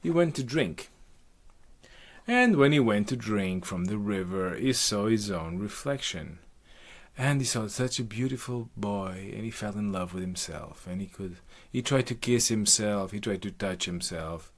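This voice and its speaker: A man's voice: on the low side, expressive, unhurried. A man improvising a rambling, profane comic retelling of a myth, with jokey asides. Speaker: comic storyteller.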